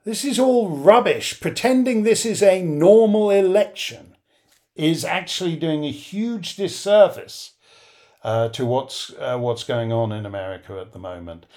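A middle-aged man hosts a live listener Q&A, his dark-toned, fairly high voice swinging widely in pitch at an unhurried pace. He's sardonic and rambling with many fillers, and his voice is starting to give out.

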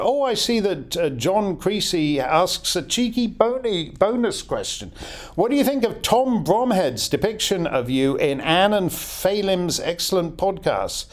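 Middle-aged male podcast host, lively up-and-down delivery, fairly high voice, wry and rambling. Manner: wry, digressive, chuckling asides. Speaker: podcast host answering listener questions. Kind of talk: casual Q&A chat.

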